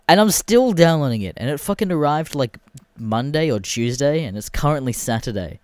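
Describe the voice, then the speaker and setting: Solo podcast host, man, swearing rant, pitch leaping all over, dry close sound. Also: expressive, a little fast, a little mellow, dry recording. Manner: profane, exasperated ranting.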